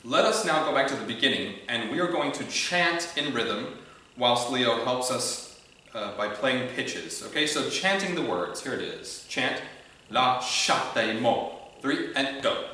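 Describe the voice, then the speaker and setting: A man leading an online choir rehearsal, giving clear, encouraging directions. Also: medium pitch, sing-song, unhurried, bright, forceful tone. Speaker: choir conductor. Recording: very echoey room, far from the mic, faint noise.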